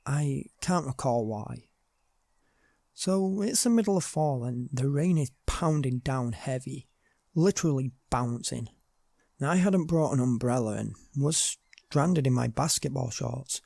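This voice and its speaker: A British man reading true horror stories aloud as a narrator, in a slow, hushed way that drops low at tense moments. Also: animated, gravelly, dry recording, studio quality. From Britain. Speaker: storyteller.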